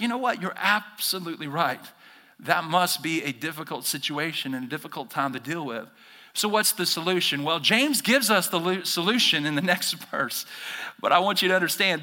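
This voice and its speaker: A male pastor giving an animated sermon, speaking straight to his congregation and acting out the voices of the people he quotes. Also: a little high, long reverb tail. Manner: animated preaching, talks directly to the congregation, acts out quoted voices.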